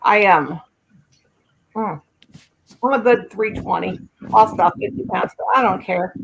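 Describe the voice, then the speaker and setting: A woman's voice: mid-range voice, unhurried, gravelly, a bit bright, poor audio. A middle-aged woman hosting a casual livestream chat, talking in a chatty, folksy way with rural turns of phrase. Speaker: channel host. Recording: faint background noise.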